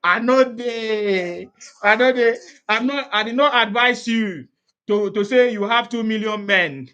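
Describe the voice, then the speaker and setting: A man's voice: high-pitched, measured pace, bright, forceful tone, clean tone. A man with a Nigerian accent in casual political chat, laughing often, repeating himself and asking rhetorical questions.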